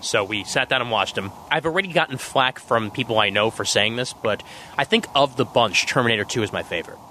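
A man's voice: medium pitch, expressive, a little fast, bright, forceful tone, a little hiss or hum. A man hosting a podcast, chatting casually, joking and steering the conversation. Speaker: podcast host. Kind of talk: casual chat.

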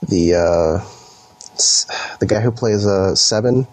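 A man co-hosting a podcast in casual chat, rambling with lots of fillers and quick laughs. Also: lowish voice, a little mellow. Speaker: podcast co-host.

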